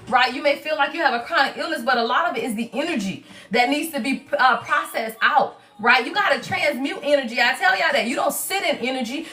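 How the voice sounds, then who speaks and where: A woman giving a casual livestream tarot reading in an animated, preachy way, often checking in with "right?" and "y'all". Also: high voice, distant mic. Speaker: tarot reader and spiritual advisor.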